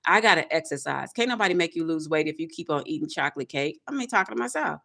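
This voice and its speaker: A woman's voice: low-pitched, animated, fast, vocal fry, sharp tone. Emphatic woman preaching motivational self-talk. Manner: preachy, emphatic, repetitive, speaks in affirmations. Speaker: tarot reader.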